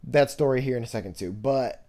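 A man in his twenties hosting a podcast, telling rambling, jokey stories in a casual monologue full of fillers, jumping into high voices to quote people. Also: fairly quick. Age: 20s. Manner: animated, jumps into high voices when quoting others. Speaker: podcast host.

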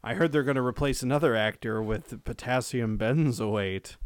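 A man's voice: mid-range voice, moderate pace, dry recording. Podcast co-host, man, casual rambling delivery, dry close sound. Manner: rambling, swears, many fillers and restarts. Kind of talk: casual chat.

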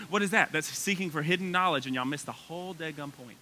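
A man in his thirties preaching a sermon in a church sanctuary, folksy and animated, his excitement building as he talks. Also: a little high, quick pace, few pauses. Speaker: pastor.

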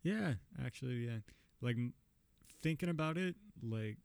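A man's voice: medium pitch, animated, moderate pace, vocal fry, darkish tone, smooth, no echo. A young man co-hosting a podcast, laid-back and dry in casual chat. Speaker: podcast co-host.

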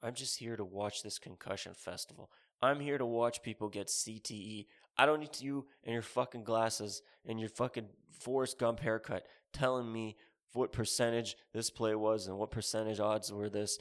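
A man's voice: fairly low pitch, brisk, a bit bright. A man in his thirties delivering a rambling, sarcastic, profane comedic rant as a podcast host.

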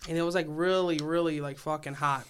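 A man's voice: on the high side, fairly even intonation, a little fast, a bit bright, a little hiss or hum. A young man with a Chicago accent, hosting a casual podcast chat, rambling and swearing, with "like" in every sentence. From Illinois. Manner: rambling, swears a lot, lots of "like". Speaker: podcast host.

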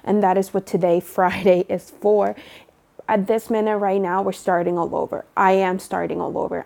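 A woman's voice: mid-range voice, mellow. A young woman talking candidly to her viewers from home, rambling with many fillers and ending up encouraging. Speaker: vlogger. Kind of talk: casual personal talk to viewers.

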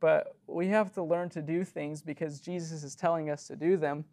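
A young man delivers an earnest, chatty sermon to a youth group. He talks casually, with lots of "you know" fillers and quick nervous laughs. His voice sits a bit high and has some vocal fry. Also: fairly even intonation, darkish tone. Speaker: youth leader preaching.

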